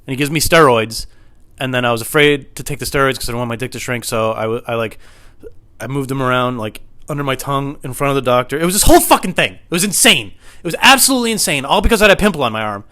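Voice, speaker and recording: A young man telling a comedic story in a rambling, anxious way, swearing often and building up to shouts. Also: medium pitch, animated, fast.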